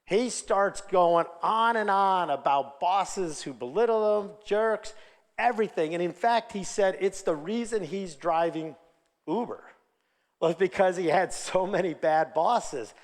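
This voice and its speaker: Male keynote speaker, lively storyteller, slightly raised pitch, reverberant conference hall. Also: a little slow. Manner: energetic, animated, acts out quoted dialogue.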